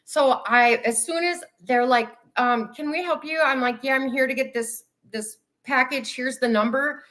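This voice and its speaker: A woman guest telling her own story in a casual, animated way over a video call, acting out the voices of people she quotes. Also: high-pitched, moderate pace.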